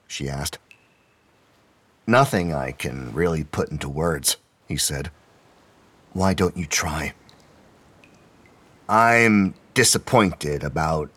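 Male narrator for an audio drama, low and a touch husky, steady delivery. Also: no echo. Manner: steady storytelling, voices characters lightly.

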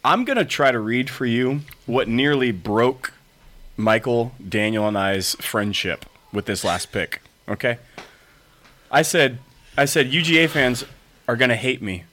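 A man's voice: mid-range voice, animated, a little slow, pushed and bright. A man in casual sports podcast banter, joking with his co-hosts. His voice sits in an ordinary middle register. He reads messages aloud with theatrical timing. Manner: playful, teasing, reads texts aloud dramatically. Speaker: podcast co-host.

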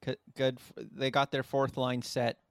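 A man's voice: mid-range voice, level tone, unhurried, gravelly, no echo. Teasing man running the draft. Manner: teasing, runs the draft order. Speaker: podcast co-host. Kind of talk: casual sports banter.

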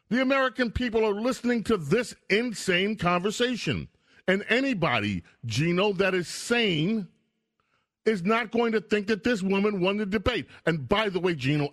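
Lively emphatic male radio host. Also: high voice, no room sound, studio quality. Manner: emphatic, repeats caller's name to cut in. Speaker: radio talk show host. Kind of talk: talk radio call-in. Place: radio studio. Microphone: studio microphone.

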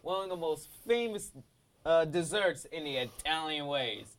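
An excitable man chimes in on talk radio, jumping in with eager agreement. His voice is high and swoops up and down a lot. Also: moderate pace. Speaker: radio co-host.

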